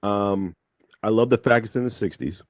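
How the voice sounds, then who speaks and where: A man hosting a radio show, talking in a measured, thoughtful way and slowing down to stress his points. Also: lowish voice, no room sound, clean studio sound. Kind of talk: casual radio chat. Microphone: studio microphone.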